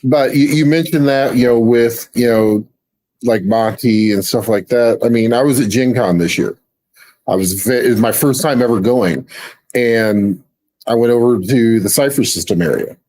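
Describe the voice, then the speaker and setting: Male panelist, mellow dark tone, hesitant, repeats words. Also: medium pitch, moderate pace, poor audio. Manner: hesitant, repeats words while finding his point. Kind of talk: casual panel chat.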